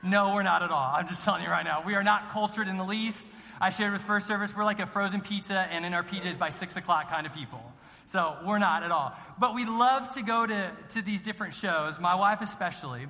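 A man's voice: high-pitched, a little fast, bright, forceful tone. A man who is a student pastor preaching a sermon, telling stories in a chatty way with self-deprecating jokes, in a church sanctuary. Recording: long reverb of a large hall.

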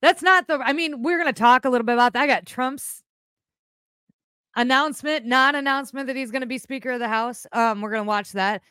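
A woman hosting a live podcast stream, chatting casually in a blunt, animated way, with rambling asides and swearing. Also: high-pitched, a little fast, clear, resonant tone, dry recording, studio quality. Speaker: podcast host.

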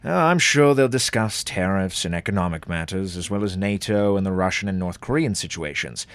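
A man's voice: low-pitched, lively intonation, brisk, fairly bright tone, no room sound. A man playing a politician guest on a comedy radio interview, ranting in exasperated disbelief.

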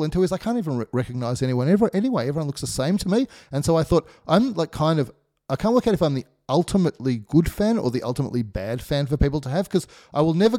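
A man, co-hosting a podcast and telling animated stories with laughs. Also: no echo, studio quality. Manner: animated, laughing storyteller, pitch jumps when excited. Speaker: podcast co-host. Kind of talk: casual chat, anecdote.

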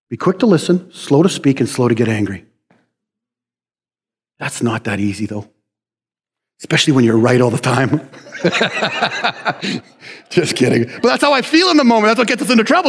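A man's voice: fairly high pitch, long reverb tail. A male pastor preaching a sermon in a conversational, joking way, often checking in with "right?".

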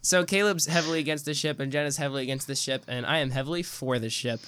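Young male podcast host, rambling teasing banter, sharp bright tone, dry close sound. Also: on the high side, fast talker, smooth, no room sound. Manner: playful teasing, rambling with restarts. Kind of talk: casual podcast chat.

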